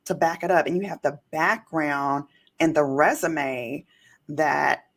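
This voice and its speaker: A woman hosting an interview podcast, an attorney herself, talking in an emphatic, animated way and telling stories. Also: deep voice, takes it slowly. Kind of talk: casual interview chat.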